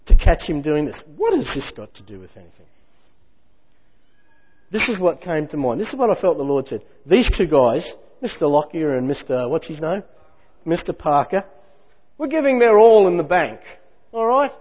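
A man preaching a sermon in a lively, conversational way with jokey asides. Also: fairly high pitch, normal speed. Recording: muffled hall recording with long reverb.

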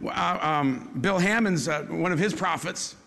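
A man preaching a sermon as pastor, fervent and rising into shouts, calling for responses from the congregation, heard in a church sanctuary. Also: a little high, a little slow, creaky. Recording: long echoing hall reverb.

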